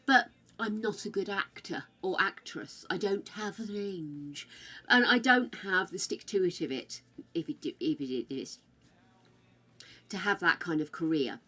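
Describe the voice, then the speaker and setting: A woman's voice: fairly low pitch, lively intonation, a little slow, pushed and bright. Chatty older British woman streamer. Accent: British, shifting between regional accents. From United Kingdom. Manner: chatty and theatrical, calls viewers darling and dearie. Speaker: game streamer. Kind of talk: casual livestream chat.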